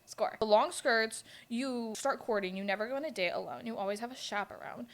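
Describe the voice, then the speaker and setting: Young woman podcast host, a little high, blunt, swearing, laughing. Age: 20s. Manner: blunt, profane, laughing, quick asides. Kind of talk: casual storytelling chat.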